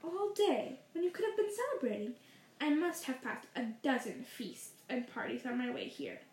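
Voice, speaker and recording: A wise old wizard headmaster, genial and lightly playful, read by a woman with a high voice. His calm, amused lines sit in a roomy, echoing space, from a storybook reading. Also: normal speed, a little hiss or hum. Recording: roomy echo.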